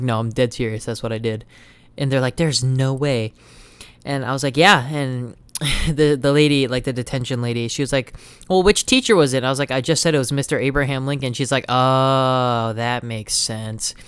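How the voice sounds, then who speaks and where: A young man telling a story from school on a podcast, loose and profane, jumping into the voices of the people he quotes. His voice is smooth and clear. The sound is dry and close. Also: medium pitch, a bit bright, no room sound. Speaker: podcast host. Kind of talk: casual storytelling chat.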